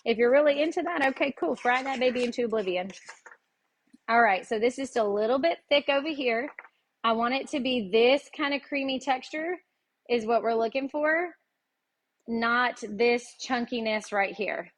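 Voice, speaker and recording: A woman's voice: on the high side, moderate pace, slight background noise. A woman with a Tennessee Southern accent, hosting a live cooking lesson and chatting folksily with her viewers as she goes. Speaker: cooking show host.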